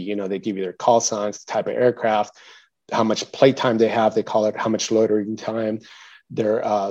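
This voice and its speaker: A man recounts a story as a guest, in a relaxed, mellow voice full of fillers and restarts. He gets animated and louder whenever he quotes someone. The recording sounds somewhat dull and lo-fi. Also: lowish voice. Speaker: interview guest, military veteran. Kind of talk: casual storytelling.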